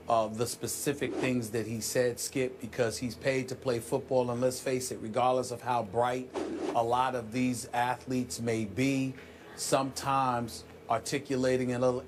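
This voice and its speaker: Forceful male sports debate host. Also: medium pitch, background noise. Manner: forceful, preacherly, builds emphasis. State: sick, clears throat.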